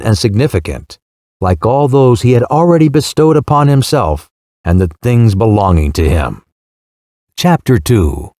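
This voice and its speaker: A male audiobook narrator with a medium-pitched voice tells the story in a measured yet expressive way. The recording is dry and of studio quality.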